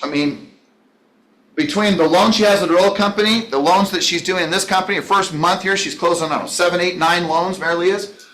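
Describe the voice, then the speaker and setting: A man's voice: sits high, fairly quick, fairly bright tone. A man leading a business training session, talking in an enthusiastic, rambling way and addressing listeners by name. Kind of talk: motivational training talk. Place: training room. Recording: echoey room.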